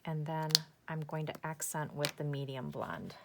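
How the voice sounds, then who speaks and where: Low-voiced chatty craft tutorial woman. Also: normal speed, vocal fry, heavy background noise. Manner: chatty, enthusiastic, talks to herself while working. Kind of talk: casual step-by-step craft demonstration.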